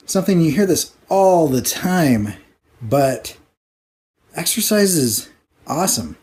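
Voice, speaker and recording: A man's voice: medium pitch, warm tone. A man vlogging casually, out of breath, rambling with lots of fillers. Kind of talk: casual talk while working.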